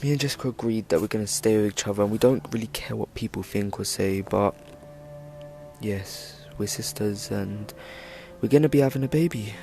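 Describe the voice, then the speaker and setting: A man's voice: lowish voice, fairly quick, creaky, a little mellow, soft background music. A young man telling a personal story for his vlog, rambling with lots of "like" fillers. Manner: rambling, filler-heavy "like" delivery. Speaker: vlogger.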